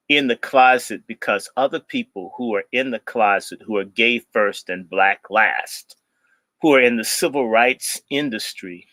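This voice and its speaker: A man in casual talk, telling stories in an animated way and slipping into mocking voices. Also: lowish voice, no echo.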